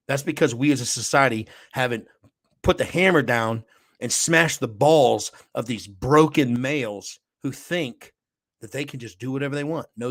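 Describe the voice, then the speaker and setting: A man, a pastor hosting his own show, giving an impassioned monologue, repeating phrases for emphasis and swinging from near-whispers to forceful lines. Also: medium pitch, no echo, studio quality.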